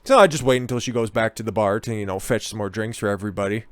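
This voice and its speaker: A man's voice: fairly low pitch, very fast, clean tone, no echo. A man giving crude, profane, rambling commentary and stories, often tagging his sentences with "okay?". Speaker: online commentator. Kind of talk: ranting commentary and storytelling.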